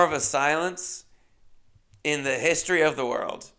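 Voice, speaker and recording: A man's voice: mid-range voice, steady tone, moderate pace, bright, forceful tone. A man hosting a podcast, telling a comedic story in a wry, self-deprecating way. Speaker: podcast host.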